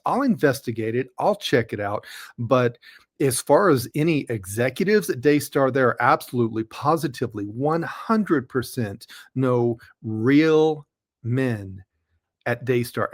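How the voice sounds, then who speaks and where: A man, a pastor, giving blunt, scolding commentary on a clip he plays, speaking straight at the camera. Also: medium pitch. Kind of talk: commentary on a played interview.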